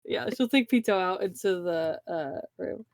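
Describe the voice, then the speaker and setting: A woman's voice: lowish voice, animated, normal speed, creaky, darkish tone. A woman playing a tabletop game, casually describing her character's actions with many fillers. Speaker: player.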